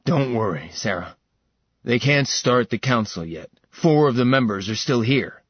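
A steady ally speaks low and calm, reassuring and unhurried, as a male narrator plays him. The voice is husky in a dry, dull recording. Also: no echo.

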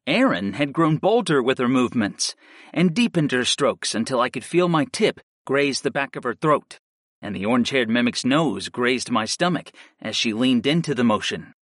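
A man reading a first-person story aloud in a steady, measured narration style. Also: mid-range voice, no room sound, studio quality. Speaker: audiobook narrator.

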